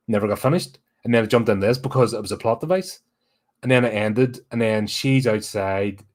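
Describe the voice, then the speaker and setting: A man hosting a horror podcast, giving a blunt, sweary and exasperated casual film review. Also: lowish voice.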